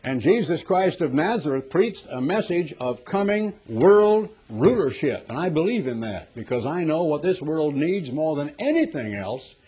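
Husky preacher man, dramatic swings. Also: fairly high pitch, big pitch swings, moderate pace, hardly any pauses. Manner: dramatic, swings from hushed to loud with rhetorical questions. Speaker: television preacher. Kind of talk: sermon.

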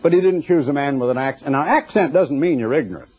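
A man's voice: fairly high pitch, expressive, fast, breathy edge. An older man preaching a radio sermon in a conversational, digressive and emphatic way. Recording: dull lo-fi recording.

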